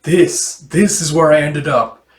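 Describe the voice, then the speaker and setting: A demon posing as a dead father pleads tenderly for his daughter to stay, as a man puts on the voice. The voice is pushed well above his usual pitch. It is heard in a roomy, echoing space. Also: slow pace. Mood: pleading.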